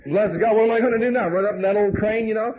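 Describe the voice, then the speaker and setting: Preacher, high voice, folksy storytelling sermon, dull hissy tape. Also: male voice, quick pace. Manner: folksy testimony with frequent "bless God" and "amen"; acts out dialogue, laughs while telling stories.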